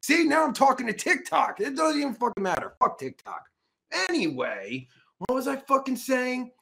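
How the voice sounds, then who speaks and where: Gravelly, animated man ranting crudely. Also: very high-pitched, moderate pace. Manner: loud, crude, rambling, with sudden mocking outbursts. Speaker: livestream host. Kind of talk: profane livestream rant.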